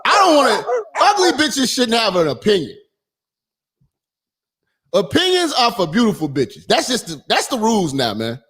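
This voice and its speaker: A man hosting a call-in radio show, ranting loudly and crudely, rambling, swearing and often breaking into laughter. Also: high-pitched, wildly swooping pitch, normal speed, long pauses, slightly rough.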